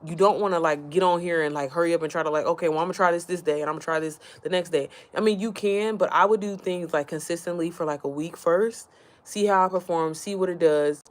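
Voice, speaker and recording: A woman's voice: on the low side, fairly even intonation, quick pace. Rambling, chatty woman talking to her followers. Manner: rambling, chatty, keeps addressing viewers directly; easily sidetracked, restarts often. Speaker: online business creator. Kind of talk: casual chat to followers.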